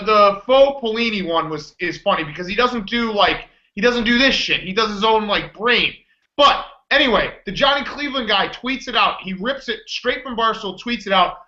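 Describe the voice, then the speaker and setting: A man's voice: very high voice, pushed and bright, echoey room, highs cut off. A man co-hosting a casual blog show, arguing and telling stories with exasperation. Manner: argumentative, exasperated storytelling. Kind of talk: casual sports-blog banter.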